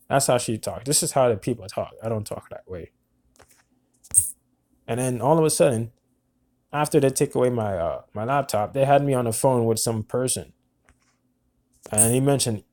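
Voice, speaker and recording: Halting young man recounting events. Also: mid-range voice, warm tone. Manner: halting, repeats words, earnest. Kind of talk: personal monologue recounting events.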